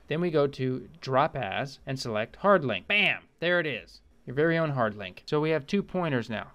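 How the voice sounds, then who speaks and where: A man's voice: medium pitch, a bit bright, smooth. A man narrating a computer tutorial with comedic, profane tangents. He is irreverent and rambling. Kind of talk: comedic screen-recorded tutorial voice-over.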